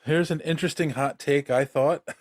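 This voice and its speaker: A man's voice: on the high side, fairly even intonation, normal speed, no room sound, clean studio sound. A man co-hosting a podcast, casually introducing topics and talking through his take. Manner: conversational, restarts, sets up topics. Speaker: podcast co-host. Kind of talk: casual chat.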